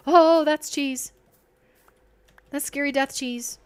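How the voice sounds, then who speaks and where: A woman's voice: fairly high pitch, expressive, measured pace, fairly bright tone. A woman streaming a game, chatting playfully with her viewers and herself. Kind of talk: casual live-stream chat while gaming.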